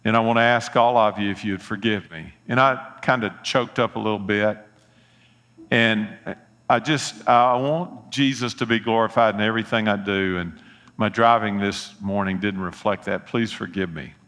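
A man's voice: on the low side, steady tone, normal speed, fairly bright tone. A middle-aged man, preaching a sermon and telling folksy personal stories with earnest appeals. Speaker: pastor.

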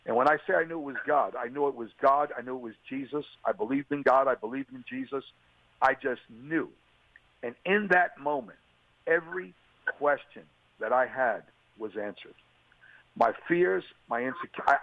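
A man tells his personal testimony as a guest on a radio show, earnest and emotional. His voice is gravelly with some fry. The sound is a thin, phone-like line with no room echo. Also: medium pitch. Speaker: interview guest. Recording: tinny phone line, dry.

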